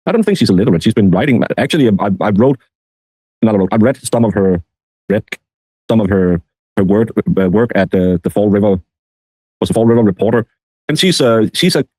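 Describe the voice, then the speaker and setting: Male stream host, dark low voice, loose and rambling delivery. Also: lively intonation, fast talker, no echo. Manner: rambling, self-correcting. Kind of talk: casual live-stream chat.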